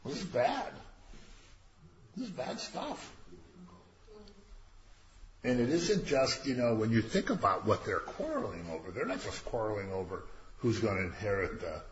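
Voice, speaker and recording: A man's voice: mid-range voice, sing-song, unhurried, long pauses, a little hiss or hum. A man leading a casual Bible class, commenting on a reading and acting out the characters with slangy voices. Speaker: Bible teacher. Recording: roomy, dull lo-fi classroom recording.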